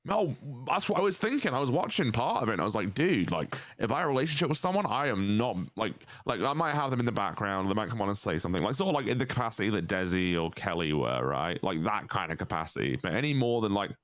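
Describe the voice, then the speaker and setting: A British man co-hosting a casual chat show, talking in an animated way, swearing and laughing often. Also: fairly low pitch, quick pace, hardly any pauses, dry recording. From Britain. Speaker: co-host.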